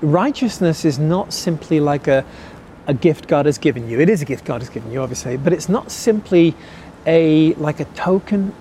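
A middle-aged man, preaching a sermon earnestly and slowing down to stress key words. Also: fairly high pitch, lively intonation, mellow, a little hiss or hum. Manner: earnest, repeats key phrases slowly for emphasis. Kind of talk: sermon teaching.

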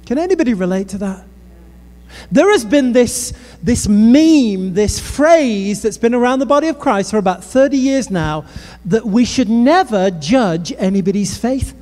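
A man's voice: extremely high pitch, a little slow. A British man preaching a sermon, telling funny stories and speaking straight to the crowd. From Britain. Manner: lively storytelling with humor and asides to the crowd. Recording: long reverb of a large hall.

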